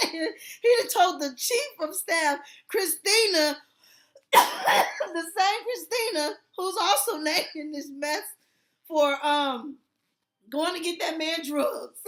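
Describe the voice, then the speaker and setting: High, lively woman reading with commentary. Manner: animated, often breaks off laughing and exclaiming. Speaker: commentary channel host. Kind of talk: reading court documents aloud with commentary.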